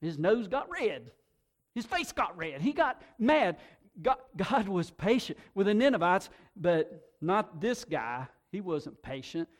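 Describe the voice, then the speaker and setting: A man preaching a sermon to a congregation, animated, often repeating words and swinging between soft and loud delivery. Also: high-pitched, takes it slowly. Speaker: pastor.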